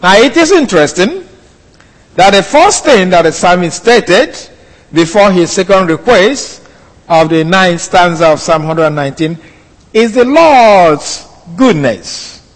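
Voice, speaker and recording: A male pastor preaching a sermon with slow, emphatic, deliberate delivery. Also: high voice, expressive. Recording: long hall reverb.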